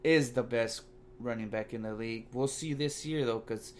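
A man's voice: medium pitch, moderate pace. Guy cussing up a storm about football, heated, faint hiss behind him. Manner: profane, heated ranting. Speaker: sports commentator. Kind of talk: casual sports rant.

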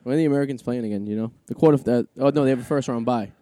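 A man's voice: mid-range voice, racing, dark tone, dry recording. A man co-hosting a casual podcast, joking and swearing his way through rambling sports talk. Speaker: podcast co-host. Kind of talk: casual chat.

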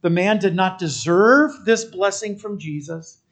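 A pastor preaching a sermon. The pastor tells the story in an animated way, often checking in with listeners and restarting phrases while thinking aloud. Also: medium pitch, unhurried. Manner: animated storytelling, keeps asking listeners "right?".

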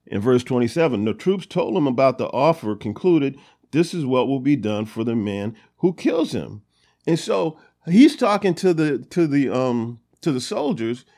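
In a fairly high voice with a darkish tone, a man leads a casual Bible study. He reads scripture aloud and retells it loosely, with many fillers along the way.

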